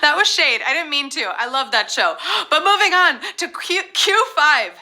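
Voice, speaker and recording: A woman hosting a live trivia game show, chatting casually in a bubbly, playful way with quick asides. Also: high voice, sing-song, noisy background. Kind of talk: casual chat.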